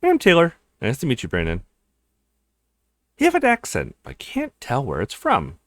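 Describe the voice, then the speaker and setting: A man's voice: mid-range voice, huge pitch swings, moderate pace, no room sound, studio quality. A man voicing a friendly young woman student. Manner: polite and curious.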